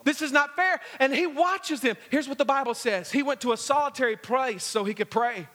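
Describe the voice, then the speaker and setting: Man, pastor, sermon, animated and joking, long echo of a sanctuary. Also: extremely high pitch, a little fast. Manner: animated storytelling with humor, acting out scenes. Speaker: guest pastor. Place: church sanctuary. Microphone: handheld or stage microphone.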